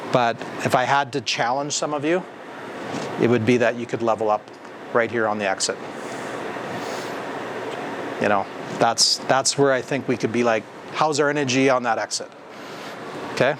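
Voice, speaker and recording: A man's voice: medium pitch, steady tone, normal speed, long pauses, background noise. A man, a company president, giving a conversational training talk to a service team in a room, often asking the group questions. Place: indoor room with a group of staff.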